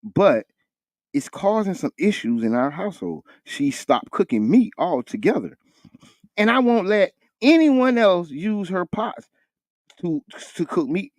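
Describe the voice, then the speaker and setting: Animated man on morning radio. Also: unhurried, dry recording, clean studio sound. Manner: animated, jumps high when joking, laughs often. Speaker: radio co-host. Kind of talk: casual radio talk show banter.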